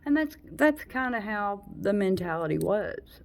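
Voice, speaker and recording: A woman's voice: medium pitch, very animated, measured pace, darkish tone. A woman in her late forties venting frankly to camera in a rambling monologue, with blunt swearing and heavy sighs. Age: 40s. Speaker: vlogger.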